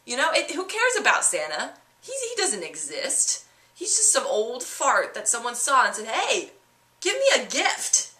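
A woman telling comic stories to camera in an animated, sarcastic way, in a roomy-sounding space. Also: fairly high pitch, normal speed. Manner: animated, sarcastic, with acted-out voices. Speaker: vlogger. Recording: roomy echo.

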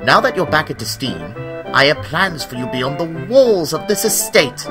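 A man's voice: fairly high pitch, very animated, normal speed, over music, voice pushed up. A man voicing a cheerful, pompous male aristocrat in a storybook tale. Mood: excited. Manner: pompous, enthusiastic.

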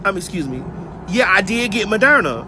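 Brash, animated woman livestream host. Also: medium pitch, moderate pace, background noise. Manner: brash, profane, animated storytelling. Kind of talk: casual livestream chat. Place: outdoors, getting her hair braided. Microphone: phone livestream.

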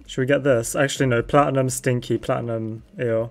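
A man's voice: mid-range voice, steady tone, moderate pace, few pauses, soft background music. A man streaming a game, chatting playfully and giggling, with sudden yelps when things go wrong. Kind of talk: casual gaming chat.

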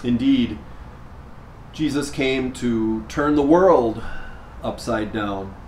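A male priest giving a sermon, telling a story in an unhurried way with measured pauses. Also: mid-range voice, darkish tone. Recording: echoey room, faint background noise.

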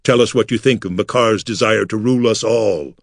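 A man voicing a bold male trickster who speaks in a slow, deep, solemn voice. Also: no echo, studio quality, lightly acted. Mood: intoning.

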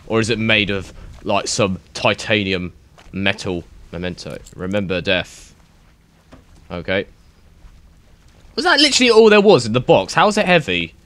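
A young man talks through a game in loose let's-play commentary, rambling and excitable. His lowish voice swoops up and down with lively pitch. He swears freely and thinks out loud as he goes. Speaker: gaming YouTuber.

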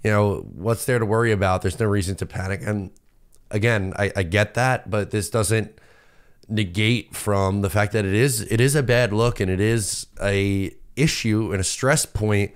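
A young man from Long Island, hosting a casual sports podcast and venting in a lively, self-interrupting way. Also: fairly low pitch, normal speed. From Long Island, New York. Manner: animated, venting, self-interrupting with repeated words. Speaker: podcast host.

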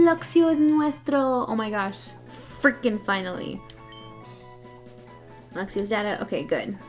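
A young woman chatting excitedly through a let's play, groaning and laughing at the game. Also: mid-range voice, a little slow, soft background music. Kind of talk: casual gameplay commentary.

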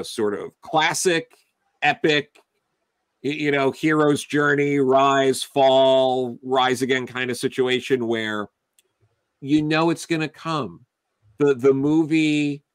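A man in a casual film review chat, rambling through his points with lots of restarts and fillers. His voice sits at an ordinary middle pitch. It is recorded close and dry, with no room sound. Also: dry recording.

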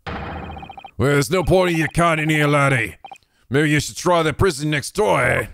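Streamer putting on a surly prison governor, thick brogue, threatening, lively delivery. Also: male voice, mid-range voice, brisk, a little hiss or hum, heavily acted. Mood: hostile. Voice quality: put-on brogue. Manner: gruff, threatening. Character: gruff hostile middle-aged male prison governor.

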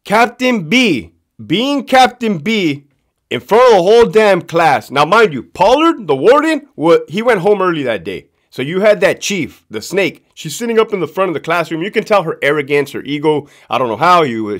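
A man's voice: on the high side, very animated, moderate pace, fairly bright tone. A man telling prison work stories in a casual, profane monologue, laughing often and repeating his punchlines for emphasis.

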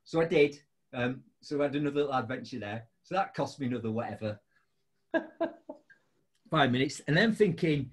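This male podcast host talks at normal speed but leaves long pauses. He's sharing a funny story in a relaxed conversation, laughing frequently, with big swings in pitch.

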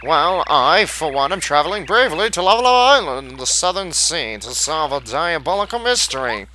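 A man's voice: fairly high pitch, big pitch swings, fairly quick, bright, forceful tone, a little hiss or hum, rough recording. A man voicing a pompous male archaeologist explorer in a put-on posh British accent, plummy and theatrical.

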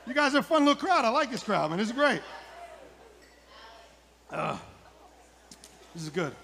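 A man's voice: extremely high pitch, sing-song, moderate pace, creaky, bright, forceful tone. A middle-aged man doing a rambling stand-up comedy set on a club stage, repeating his lines for the punch.

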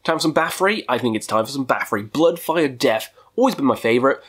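A man's voice: mid-range voice, lively intonation, quick pace, a bit bright, slightly rough. A man hosting a casual video countdown, talking in a profane, goofy way with jokey asides. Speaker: metal music YouTuber.

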